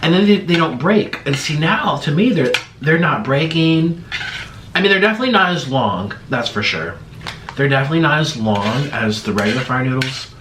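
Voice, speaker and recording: A man hosting a mukbang eating vlog, talking to camera in a halting, strained way, his mouth numb and stinging from the spice. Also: on the high side, expressive, reverberant, background noise. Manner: strained, halting talk while suffering from spicy food. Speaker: mukbang host.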